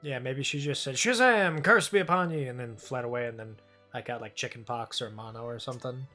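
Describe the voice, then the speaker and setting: A man's voice: medium pitch, little pitch movement, quick pace, fairly bright tone, soft background music. A man playing a tabletop game, rambling and joking with swear words in casual chat. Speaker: player.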